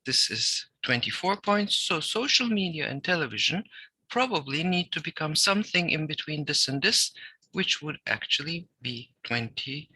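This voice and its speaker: Bright-voiced man explaining typography. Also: a little high, very animated, husky, no room sound, rough recording. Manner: explanatory, reads text aloud with deliberate pauses and emphasis. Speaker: typography teacher. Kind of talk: recorded design lecture.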